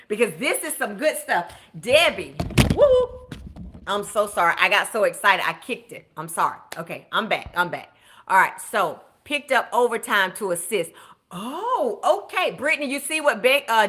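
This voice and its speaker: A woman's voice: medium pitch, pushed and bright. A woman coaching viewers on budgeting during a live stream, chatty and encouraging, cheering people on by name as she reads their comments.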